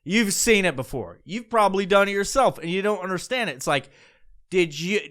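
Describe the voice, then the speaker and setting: A man's voice: high-pitched, expressive, a little fast, a bit bright. A man doing a profane, rambling comedic rant as a podcast host.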